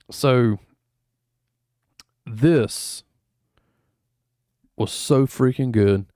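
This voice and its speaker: A man's voice: medium pitch, drawn-out words, mellow, dry recording, studio quality. A man streaming in a rambling, laid-back chat full of fillers, going over his travel photos. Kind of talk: casual chat.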